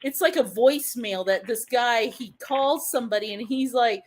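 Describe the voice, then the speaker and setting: A woman hosting a casual chat, animated and quick to laugh. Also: fairly high pitch, slight background noise.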